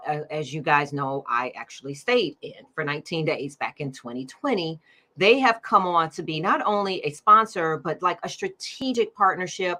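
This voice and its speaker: Bright-voiced chatty woman host. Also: low voice. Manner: chatty and upbeat, laughing often. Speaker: podcast host. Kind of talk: casual livestream chat.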